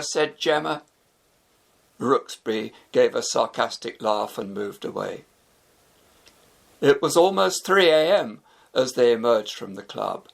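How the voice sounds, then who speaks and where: A man narrates a story for English learners at an unhurried pace. His voice is gravelly and lively in pitch, rising and falling with the tale. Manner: slow and expressive, voicing each character.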